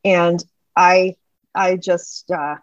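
Low-voiced middle-aged woman telling her story. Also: fairly even intonation, extremely slow, no room sound. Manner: earnest storytelling, acts out past dialogue. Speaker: pastor's wife, guest. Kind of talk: personal testimony in an interview. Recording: slightly dull lo-fi sound.

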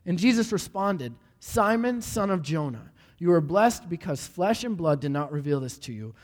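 A man preaching a sermon, animated and asking the room repeated questions, often stumbling over restarts. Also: on the high side. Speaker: pastor. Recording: hall reverb.

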